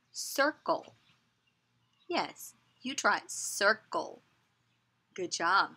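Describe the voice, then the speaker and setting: A woman teaching young children, slowly saying words for them to repeat and praising them with encouragement. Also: mid-range voice, sharp tone, slightly rough. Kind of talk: children's lesson, call and response.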